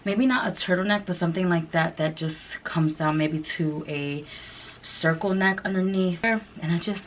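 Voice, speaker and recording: A woman's voice: on the low side, normal speed, slight background noise, rough recording. A woman chatting through a clothing try-on haul, gushing and chatty with lots of fillers. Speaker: fashion vlogger.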